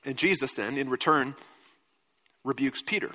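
A man's voice: mid-range voice, moderate pace, pushed and bright. A man preaching a sermon as pastor in a conversational way, asking his congregation questions. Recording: reverberant church hall.

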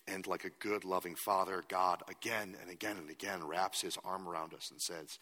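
A man's voice: sits low, steady tone, normal speed, hardly any pauses, pushed and bright, long reverb tail. A man preaching a sermon as a pastor, earnest and at times emphatic.

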